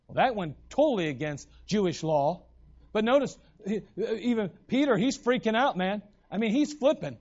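A man preaching a sermon in an animated way, acting out the voices in the stories he retells. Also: high-pitched, normal speed, dull audio.

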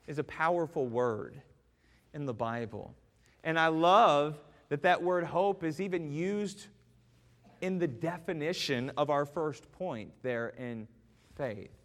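Slow preaching pastor in a reverberant church. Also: male voice, fairly high pitch. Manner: rises to loud impassioned preaching, then drops soft. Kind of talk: sermon. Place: church sanctuary. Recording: long church hall reverb.

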